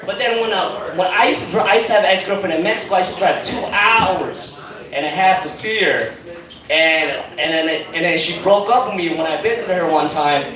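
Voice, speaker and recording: High-pitched young guy rambling through a stand-up set, swearing a lot, crowd in the room. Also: a little fast. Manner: rambling, profane, lots of fillers. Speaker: stand-up comedian. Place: comedy club stage. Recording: echoey club, mic from far off, crowd. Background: audience laughing.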